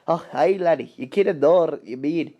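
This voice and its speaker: A gruff old steam engine speaks in a hearty Scottish brogue, as a man puts him on. The voice is soft-edged and mellow, sitting somewhat high. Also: moderate pace, dull audio, natural voice. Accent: Scottish put-on.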